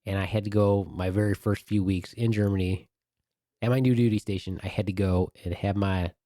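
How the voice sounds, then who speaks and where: A man on a podcast telling an animated story with crude humor in a casual way. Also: fairly low pitch, fairly quick, no room sound, studio quality. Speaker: podcast co-host.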